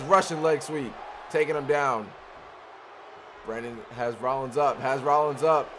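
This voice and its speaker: Excitable man calling a wrestling game. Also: on the high side, moderate pace, background noise. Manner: excitable, shouts at big moves. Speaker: video game commentator. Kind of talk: play-by-play game commentary.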